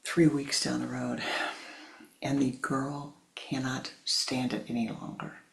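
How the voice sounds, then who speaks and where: A man's voice: mid-range voice, flat delivery, slow pace, vocal fry, slight background noise. A man, a spiritual teacher, telling a teaching story in a conversational way with many asides.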